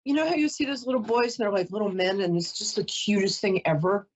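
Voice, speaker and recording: A woman's voice: medium pitch, fast, dull audio. A woman giving a live call-in psychic reading, chatty and emotional, often breaking off to apologize. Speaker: psychic reader.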